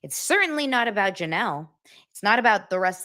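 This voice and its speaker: Animated sarcastic woman host. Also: mid-range voice, fairly quick. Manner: sarcastic, animated, swinging between loud bursts and muttered asides. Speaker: pop culture show host. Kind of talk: casual commentary recap.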